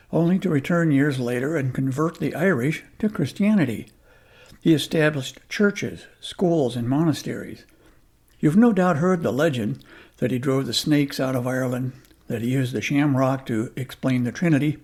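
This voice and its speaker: A man delivers a scripted radio commentary. His voice is mellow and a little husky. His wry, lightly joking manner keeps the facts easy to follow. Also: medium pitch.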